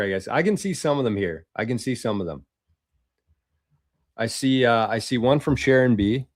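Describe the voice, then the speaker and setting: A man hosting a casual livestream, reading viewer comments aloud in a loose, swearing, chatty way with quick laughs. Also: mid-range voice, no room sound, studio quality. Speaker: livestream host.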